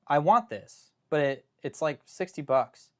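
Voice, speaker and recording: A man's voice: fairly high pitch, lively intonation, measured pace, a little mellow. A young man hosting a live stream, chatting casually and rambling through joking asides and self-interruptions.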